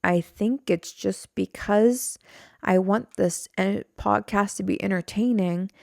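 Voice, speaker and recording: A woman's voice: medium pitch, slow, vocal fry, darkish tone, dry recording. Rambling solo podcast woman, dry mic. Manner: rambling, self-deprecating, swears freely. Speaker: podcast host. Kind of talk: solo casual podcast chat. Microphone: studio mic on a stand.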